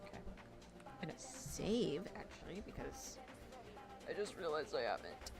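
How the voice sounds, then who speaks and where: A woman's voice: low voice, sing-song, normal speed. A woman streamer chatting casually while she draws, ranting with lots of swearing and acting out imagined arguments. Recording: music playing behind. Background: music.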